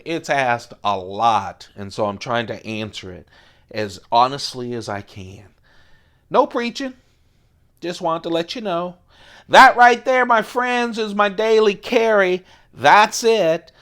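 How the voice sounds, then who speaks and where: An older man talks unhurriedly to his camera, warmly enthusiastic about his collection. Now and then his voice sinks to a hushed, admiring murmur. His pitch sits in an ordinary middle range. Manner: slow, enthusiastic, drops to hushed murmurs over knives. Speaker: knife collector vlogger. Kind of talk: casual chat to camera.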